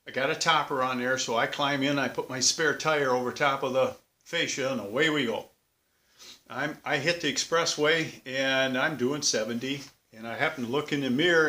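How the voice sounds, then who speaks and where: A man's voice: mid-range voice, sharp tone. A man hosting his own vlog, telling a story in a casual, plain-spoken, chatty way. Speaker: vlog host. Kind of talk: folksy storytelling.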